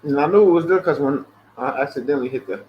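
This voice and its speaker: Speaking quickly in a fairly high voice, a livestream host chats casually and swears a lot as he tells animated stories. He imitates callers by raising his voice, and his earpiece headset leaves the highs cut off.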